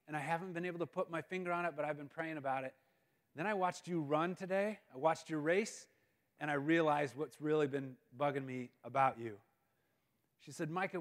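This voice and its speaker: A man in his thirties speaks as a guest at a school, telling a personal story. His voice sits a little high for a man. He acts out the quoted lines and drops to near-mutters for his asides. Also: a bit bright. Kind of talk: storytelling speech. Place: school event space.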